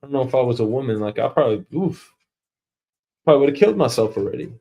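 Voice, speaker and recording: A man's voice: medium pitch, animated, fast talker, gravelly, warm tone. A man hosting his own show, ranting profanely and animatedly about his boss and acting out office conversations. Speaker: show host. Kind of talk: comedic rant.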